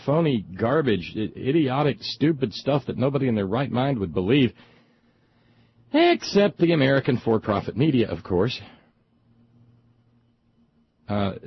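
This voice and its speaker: A middle-aged man hosting a talk show, delivering an indignant, sarcastic political monologue with frequent halting repeats. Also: mid-range voice, breathy edge, no echo, muffled recording. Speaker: talk radio host.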